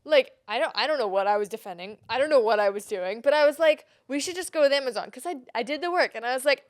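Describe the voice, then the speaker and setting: Young woman podcaster, bit high pitched, dry close sound, tells stories with lots of energy. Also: fast talker, dry recording. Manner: animated storytelling, quotes herself in high emotional bursts. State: pregnant. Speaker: podcast co-host. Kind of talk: casual chat.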